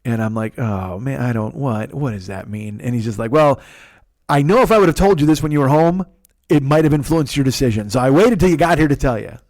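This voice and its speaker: Fast-talking profane male storyteller. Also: medium pitch, animated, darkish tone, no echo. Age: 40s. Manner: rambling, profane, self-mocking storyteller. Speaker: podcast host. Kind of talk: solo comedic storytelling. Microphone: close podcast mic.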